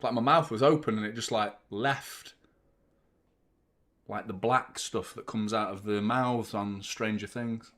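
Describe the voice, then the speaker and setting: A man, hosting a football watchalong with excitable, rambling commentary and frequent swearing. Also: lowish voice, a little slow. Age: 30s. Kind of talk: live match commentary and chat.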